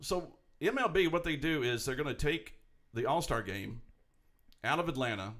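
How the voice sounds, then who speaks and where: A man, co-hosting a casual chat show, rambling and animated with lots of restarts. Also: mid-range voice, moderate pace. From Tennessee. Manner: rambling, animated, puts on voices. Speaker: podcast co-host.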